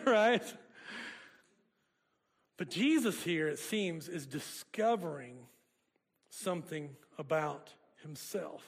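A man's voice: sits high, lively intonation, unhurried. A man preaching a sermon, joking and chatting with the congregation in a conversational way. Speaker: pastor. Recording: long hall reverb.

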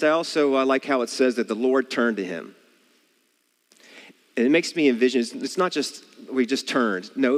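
An earnest male preacher who works through a story and keeps putting rhetorical questions to the listeners, his pitch swinging widely. His voice carries a long reverb, like a church hall. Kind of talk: sermon.

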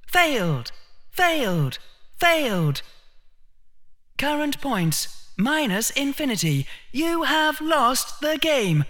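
A woman's voice: high voice, very animated, takes it slowly, long pauses, a bit bright, heavily acted. A woman reading as curt magical game notes. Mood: officious. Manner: clipped, announcing scores and verdicts. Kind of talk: audiobook reading.

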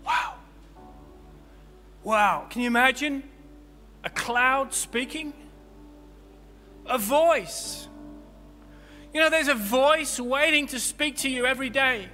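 A man preaching a sermon as pastor, impassioned, swinging between loud peaks and quiet low stretches. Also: slow, long pauses. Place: church hall. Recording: long hall reverb with faint music.

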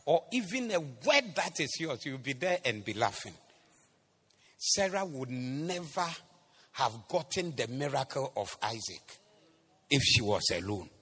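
A man with a Ghanaian accent preaching a sermon in church, moving between quiet asides and loud shouted exhortation. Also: mid-range voice, sing-song, unhurried, husky, in a large hall. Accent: Ghanaian English. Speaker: pastor. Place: church hall.

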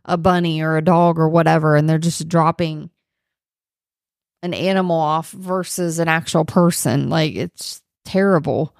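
A woman co-hosting a podcast, chatting casually and retelling movie scenes with lively put-on voices. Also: low voice, unhurried, gravelly, dry recording, studio quality. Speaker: podcast co-host. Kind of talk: casual movie review chat.

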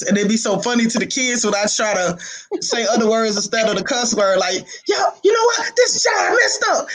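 A middle-aged man from Miami, a youth football coach, telling animated stories in a casual interview and laughing often. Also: high-pitched.

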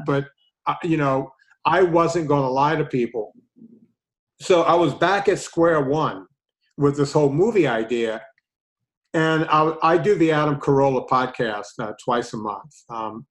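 A man hosting a podcast, telling a long story in a casual, animated way and retelling his conversations with others. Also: mid-range voice, rough recording. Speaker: podcast host.

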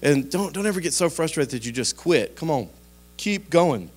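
A man, a pastor preaching a sermon in a conversational, folksy storytelling style with sudden animated outbursts. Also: a little high, normal speed.

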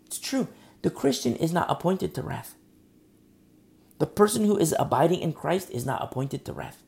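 Gravelly preacher guy, earnest and direct, goes from whispery soft to loud, voice jumps all over. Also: on the high side, big pitch swings, moderate pace. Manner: swings between soft near-whispers and loud emphatic lines. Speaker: pastor. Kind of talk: sermon.

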